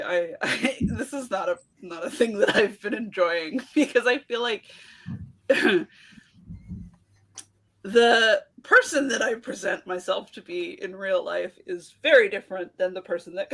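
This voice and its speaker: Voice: mid-range voice, fairly bright tone. Laughing self-deprecating panelist. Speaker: panelist author. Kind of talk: casual panel chat.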